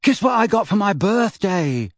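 A man voicing a shy but eager teenage schoolboy who talks with excited, hurried enthusiasm. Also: high voice, dry recording, clean studio sound, pitched above the performer's own voice, heavily acted.

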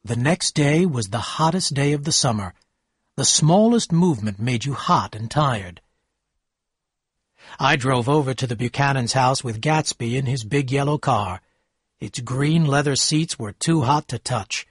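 A man reading a story aloud in a plain, steady manner. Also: mid-range voice, unhurried, breathy edge, dry recording, clean studio sound. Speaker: narrator.

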